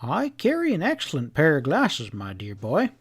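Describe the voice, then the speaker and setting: An airy Englishman with an English accent, put on by a man, speaking in a high, drawling voice. He sounds genteel and unhurried, pitching each phrase well above an ordinary man's speech. It is a character from an audiobook western. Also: huge pitch swings, breathy edge, exaggerated voice.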